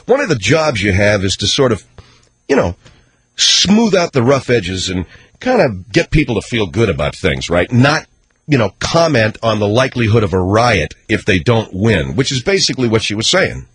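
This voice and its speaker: A man hosting a call-in radio talk show, chatting in a sardonic, animated way. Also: lowish voice, moderate pace, slightly rough.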